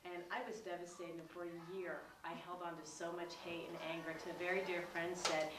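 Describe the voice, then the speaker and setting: A woman at a workshop quietly and earnestly telling a personal story to the group, with a wry joke now and then. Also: lowish voice, level tone, fairly quick. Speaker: workshop participant. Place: room at a workshop. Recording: roomy, distant, faint hiss.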